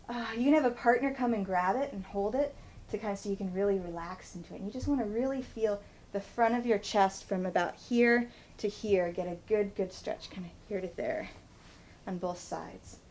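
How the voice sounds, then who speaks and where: A woman's voice: a little high, a little hiss or hum, rough recording. A woman in her thirties, a physical therapist, demonstrating stretches in a chatty how-to vlog and laughing at herself. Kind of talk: instructional vlog demo.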